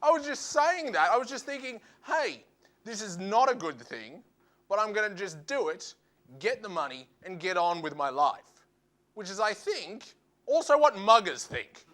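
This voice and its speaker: High, bright-voiced comic. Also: male voice. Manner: animated, acts out quoted voices, quick asides. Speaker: stand-up comedian. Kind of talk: stand-up routine.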